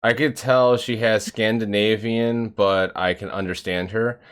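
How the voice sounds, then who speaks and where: A man hosting a casual interview, chatting in an animated way. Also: lowish voice, unhurried, smooth. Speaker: host.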